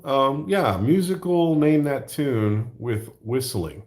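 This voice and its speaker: A man's voice: mid-range voice, sing-song, a little slow, hardly any pauses, darkish tone. A middle-aged man hosting his own channel, rambling jokily in casual chat and laughing often. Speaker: YouTube art channel host.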